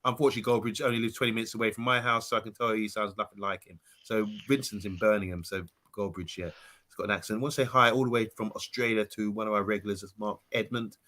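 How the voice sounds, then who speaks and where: A man hosting a live stream, chatty, reading viewer messages aloud and trailing off softly. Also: lowish voice, steady tone, fast. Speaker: stream host reading chat.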